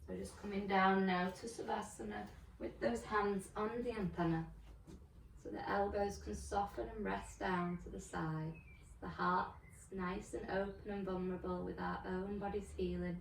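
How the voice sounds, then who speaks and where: A woman teaching yoga, guiding breath and chanting in a slow, soothing, gentle way. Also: medium pitch, fairly even intonation, creaky, roomy sound, distant mic, slight background noise. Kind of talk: guided yoga and meditation instruction. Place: home room on a video call.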